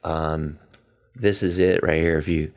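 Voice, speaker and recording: Middle-aged male stage performer, interview guest; heartfelt, animated storyteller who acts out quotes. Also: rumbling low, a little slow. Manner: excitable, acts out quotes with big vocal swings; earnest and heartfelt.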